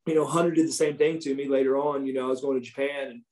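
A man, a former wrestler, telling profane, animated backstage stories as a guest in a casual interview. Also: mid-range voice, racing.

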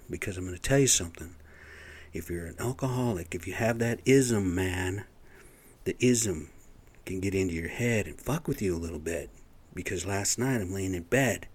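A man's voice: lowish voice, slightly rough. A middle-aged man telling stories in a blunt, profane, rambling rant to his viewers. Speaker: vlogger. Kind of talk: casual rant to camera.

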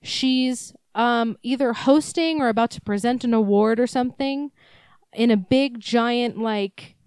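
A woman's voice: fairly high pitch, unhurried, darkish tone, clean tone, dry recording. Young female podcast co-host, rambling storyteller, swears, dry close sound. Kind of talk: casual chat.

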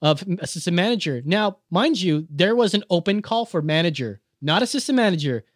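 A man's voice: high voice, sing-song, fairly quick, dry recording, clean studio sound. A young man co-hosting a casual chat, ranting and swearing as he tells a story about a coworker. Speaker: podcast co-host.

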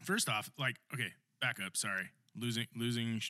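A man's voice: medium pitch, pushed and bright, dry recording, clean studio sound. A man co-hosting a podcast, telling a funny story in casual chat and laughing as he goes. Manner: laughing storyteller, rushed bursts. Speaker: podcast co-host.

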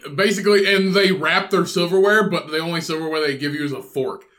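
A male podcast co-host with a fairly high, fairly bright voice talks fast in a casual chat. His style is crude, joking and rambling.

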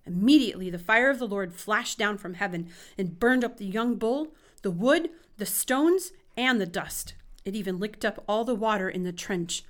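Woman reading scripture aloud, expressive. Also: medium pitch, moderate pace. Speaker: Bible reader.

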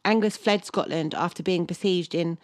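A low-pitched woman reads a grim history tale aloud at a steady podcast pace. Her voice sits close and dry on the mic, with no room sound. She drifts into casual banter between the scripted passages. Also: moderate pace, dry recording. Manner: reads from a script, laughs often, unsure of place names. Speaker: podcast co-host.

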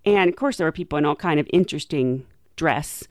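A young woman flight attendant telling stories in a chatty way, laughing often and acting out quotes in a higher voice. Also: brisk, darkish tone, dry recording, studio quality. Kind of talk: casual storytelling monologue.

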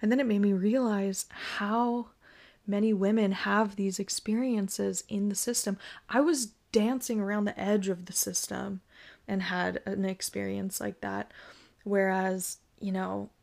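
A woman's voice: mid-range voice, steady tone, a little slow, vocal fry, a little mellow. A pregnant woman hosting a podcast, telling a personal story in an emotional, reflective way with many fillers. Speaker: podcast host.

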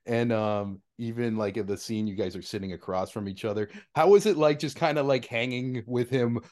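A man's voice: mid-range voice, fairly quick, a little mellow. Casual man hosting a podcast. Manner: loose, filler-heavy questions with "like" and "um". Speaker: podcast host. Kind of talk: casual interview questions.

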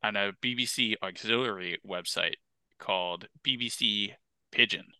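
A man co-hosts a casual podcast, and his voice is strikingly bright and smooth. He tells his stories in an animated way, leaning on "like" as a filler. The sound is dry and close, with no room in it. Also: lowish voice, moderate pace, no room sound. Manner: animated storyteller, lots of "like" fillers. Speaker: podcast co-host. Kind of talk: casual chat.

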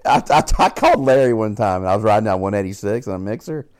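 Low-voiced man telling crude, laughing stories. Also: expressive, fast talker, darkish tone, no echo. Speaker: podcast co-host. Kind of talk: casual chat.

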